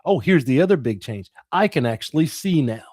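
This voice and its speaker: A man's voice: on the high side, lively intonation, a little fast, darkish tone, slightly rough, dry recording, clean studio sound. A middle-aged man, an interview guest, telling a dramatic personal story with the odd laugh.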